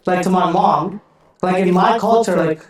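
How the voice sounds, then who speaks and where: A high-voiced man, chatting in loose slang on a casual podcast and acting out quoted voices. He sits far from the mic in a very echoey room. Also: normal speed. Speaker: podcast co-host.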